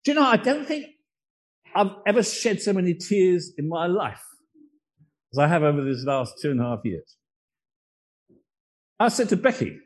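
Male preacher, high husky voice, earnest and confessional sermon delivery. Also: big pitch swings, normal speed, pauses often, low-quality recording. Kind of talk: sermon with personal anecdotes.

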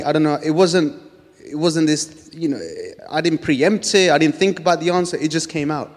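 A man's voice: fairly high pitch, steady tone, brisk. A man sharing a testimony in a sermon, telling his story earnestly with frequent restarts. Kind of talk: testimony preaching. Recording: long hall reverb.

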